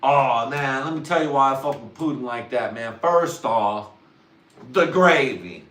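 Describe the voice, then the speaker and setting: A man voicing a brash, excitable guy who raves about his favorite dish. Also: medium pitch, a little slow, reverberant, distant mic. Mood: hyped. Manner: brash, hyped-up, insistent. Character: loud excitable man raving about poutine.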